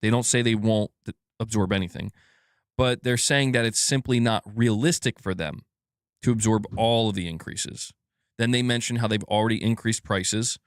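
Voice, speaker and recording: A man's voice: lowish voice, moderate pace, no echo. Casual swearing streamer guy, dry mic. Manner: casual and profane, laughs at himself. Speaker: gaming news streamer. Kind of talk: casual live-stream commentary.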